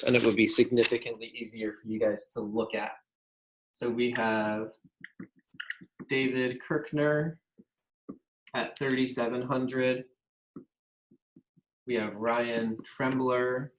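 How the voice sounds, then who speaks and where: A man at a medium pitch gives an upbeat, encouraging talk to his sales team. He keeps it casual and conversational, often checking in with a quick "right?" as he goes. He speaks in a meeting room with a whiteboard. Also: little pitch movement, slight background noise, low-quality recording. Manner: casual, tags remarks with "right?". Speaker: sales district manager.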